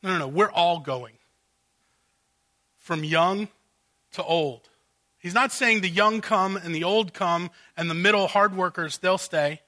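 A man's voice: high voice, bright, forceful tone. A male pastor preaching an expository sermon, walking through the text and acting out what the characters are really saying.

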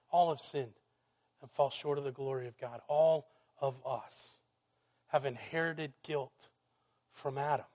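A man preaching a sermon, emphatic, firing rhetorical questions and swinging from loud exclamations down to hushed, quiet passages. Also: on the high side. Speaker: pastor.

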